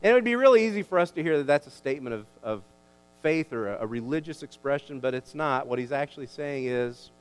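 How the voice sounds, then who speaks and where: A man preaching a sermon as a pastor, emphatic and animated, often restarting his words. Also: medium pitch, fast, smooth. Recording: long hall reverb.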